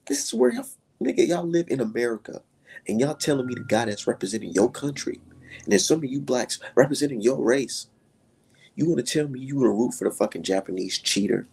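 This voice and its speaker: A man hosting a live stream, ranting heatedly with lots of profanity and sudden jumps in pitch. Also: very animated, fairly quick, vocal fry, a little mellow, husky.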